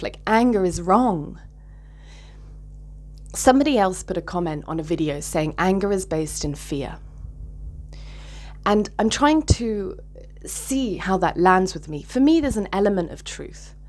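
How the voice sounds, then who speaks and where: A woman's voice: mid-range voice, lively intonation, unhurried, darkish tone. Candid woman vlogging. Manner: candid, emotional, swears freely. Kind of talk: casual reflective monologue to camera.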